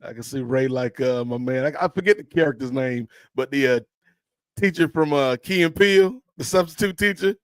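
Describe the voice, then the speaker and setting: A man's voice: medium pitch, fairly quick, no echo. A man co-hosting a casual podcast, telling stories from his job and acting out the dialogue with lots of animation. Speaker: podcast co-host. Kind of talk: casual storytelling chat.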